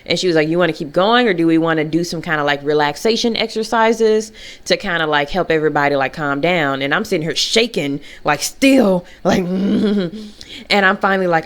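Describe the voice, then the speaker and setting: A young woman vlogging, telling a personal story in a casual, animated way and jumping into high, mocking voices. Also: normal speed.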